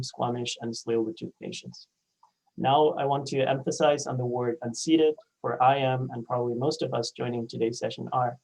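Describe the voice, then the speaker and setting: A man, a program coordinator, opening a webinar session with a formal, deliberate introduction over a video call. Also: mid-range voice, a little mellow, rough recording.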